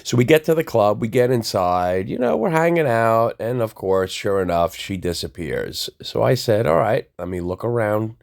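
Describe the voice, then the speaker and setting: A man telling a personal nightlife story in a casual, animated way, acting out the voices of people he quotes. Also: on the low side, normal speed, gravelly, hardly any pauses.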